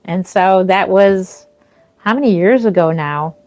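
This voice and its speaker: A woman's voice: medium pitch, unhurried, a little mellow. A middle-aged woman chatting casually on a livestream from her home, rambling with restarts and small laughs. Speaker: reborn doll artist hosting a livestream. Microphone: phone or camera mic, walks away at times.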